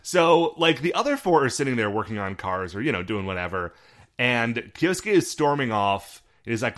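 A man's voice: mid-range voice, very animated, normal speed, fairly bright tone. A man co-hosting a casual podcast, narrating episode scenes and quoting characters. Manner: storytelling, narrates scenes with quoted lines. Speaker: podcast co-host. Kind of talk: casual chat recapping a show.

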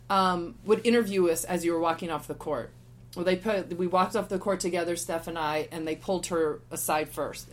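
A woman in her forties tells a story on a podcast, casual and animated. She acts out other people's lines as she goes. Her voice sits somewhat low for a woman. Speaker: podcast guest.

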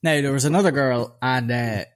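A man's voice: medium pitch, moderate pace. Profane, sardonic young Dublin man. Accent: Dublin Irish. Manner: animated, profane, sardonic anecdote-telling with voiced quotes. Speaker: podcast co-host. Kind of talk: casual storytelling chat.

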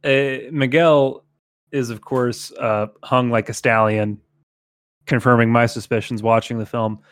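A man's voice: medium pitch, steady tone, no room sound, studio quality. A man co-hosting a podcast, chatting casually and jokingly as he reads fan fiction aloud. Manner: joking, breaks into laughter and quick put-on voices. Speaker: podcast co-host.

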